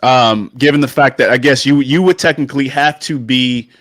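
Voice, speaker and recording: A man's voice: mid-range voice, normal speed, a bit bright, no room sound. Guy hosting a chill panel chat, reads stats off a list, trips over his words a lot, dry sound. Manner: reads out stats, many restarts and fillers. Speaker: host running the tier list.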